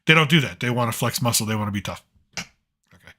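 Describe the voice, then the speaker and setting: A man's voice: mid-range voice, lively intonation, fast, bright, forceful tone. A man hosting a casual late-night monologue, telling rambling, digressive stories and circling back with "so anyways". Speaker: host.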